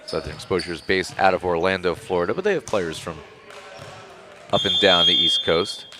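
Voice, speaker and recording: A man's voice: deep voice, a little fast. A man doing live play-by-play commentary on a volleyball match, his voice jumping up on big plays. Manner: excitable, voice jumps up on big plays. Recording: commentary over loud gym noise.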